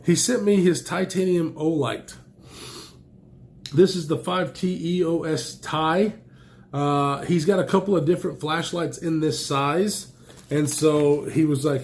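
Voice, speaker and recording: Casual excitable male gear reviewer, slightly raised pitch, allergy-stuffed, rambling. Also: unhurried. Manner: enthusiastic, rambling, exclaims often. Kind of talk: casual unboxing chat.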